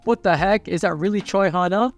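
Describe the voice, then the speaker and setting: A man's voice: high-pitched, a little fast, faint music behind, pitched above the performer's own voice. Man voicing an arrogant, greedy villain.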